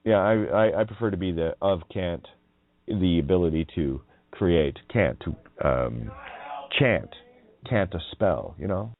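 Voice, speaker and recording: A radio show host delivers a profane, mocking monologue in a low, gravelly voice that swoops up and down, animated and a little slow. He chuckles and stretches words into sing-song wordplay, sounding dry and tinny as though over a phone line.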